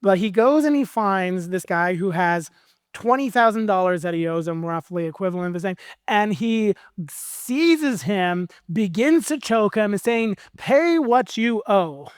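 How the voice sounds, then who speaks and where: Animated, high-voiced preacher man. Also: normal speed, smooth, no echo, clean studio sound. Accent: American. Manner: conversational, animated storytelling. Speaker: pastor. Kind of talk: sermon.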